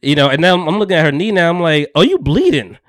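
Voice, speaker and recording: A man's voice: a little high, rapid-fire, a bit bright, clear, resonant tone, no room sound, clean studio sound. A man co-hosting a podcast, telling a profane story with laughs and acting out both sides of the conversation. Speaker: podcast co-host.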